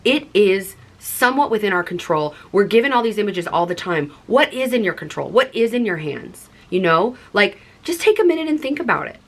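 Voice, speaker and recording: A woman's voice: medium pitch, very animated, fairly quick, few pauses. A young adult woman vlogger talking earnestly and casually to her viewers, filling her talk with "like". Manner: chatty, earnest, heavy use of "like". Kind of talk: casual confessional chat to camera.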